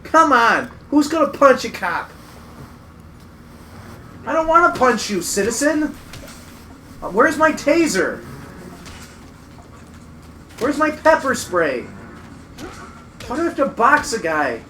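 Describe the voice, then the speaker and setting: Guy streaming a game w a buddy, bright voice, jokey mock rants. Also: extremely high pitch, slow pace, long pauses, a little hiss or hum. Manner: joking and animated, mock rants. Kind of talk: casual gaming commentary.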